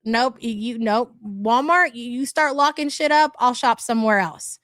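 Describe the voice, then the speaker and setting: A woman's voice: a little high, normal speed, fairly bright tone, no room sound, clean studio sound. A woman hosting a casual livestream, reading her chat and ranting bluntly with lots of swearing and frequent laughs. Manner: blunt, profane, exasperated ranting; laughs often.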